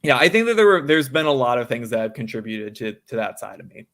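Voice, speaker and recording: A young man of nineteen speaks in a casual interview, in a mid-pitched voice. He fills his talk with lots of ums and likes. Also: big pitch swings, fast talker, fairly bright tone. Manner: filler-heavy, says "um" and "like" a lot. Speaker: guest, student activist.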